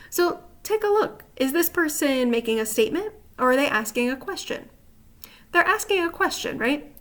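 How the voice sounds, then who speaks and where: A woman's voice: on the high side, fairly bright tone. A woman teacher patiently walking through slides on a grammar lesson, often checking in with the listener. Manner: patient, explanatory, asks rhetorical check-in questions. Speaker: writing teacher.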